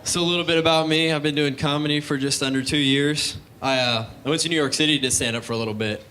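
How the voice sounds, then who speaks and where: A man's voice: on the high side, steady tone, quick pace, sharp tone. Laid-back young male stand-up comic. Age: young adult. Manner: laid-back storytelling with acted-out voices. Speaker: stand-up comedian. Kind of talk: stand-up comedy set. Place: comedy club stage.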